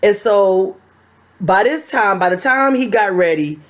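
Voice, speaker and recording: A young adult woman telling a personal story to her camera in a chatty, animated way. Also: mid-range voice, unhurried. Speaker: vlogger.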